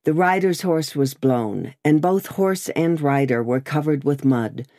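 A woman narrating an audiobook in a steady, measured reading voice. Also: sits low, no room sound, studio quality.

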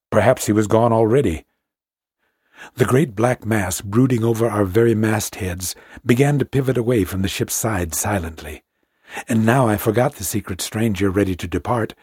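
A man reads a classic sea story aloud in a measured, hushed manner. His voice is husky and of middle pitch. The recording is dry and close. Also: no room sound. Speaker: audiobook narrator.

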